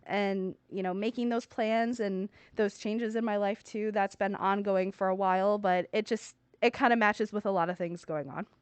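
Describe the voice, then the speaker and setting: Female podcast co-host, rambling and warm-hearted, dry close mic. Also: medium pitch, steady tone, normal speed, hardly any pauses, clean tone, dry recording. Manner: rambling, encouraging, laughs often. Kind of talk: casual podcast chat.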